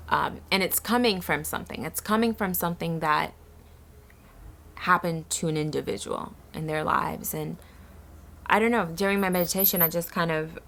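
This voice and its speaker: Woman, from the Bronx, deep voice, vocal fry, soft halting personal story, faint ambience. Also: slight background noise. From the Bronx, New York. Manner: soft, halting, searching for words. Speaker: vlogger. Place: eco-village in a jungle.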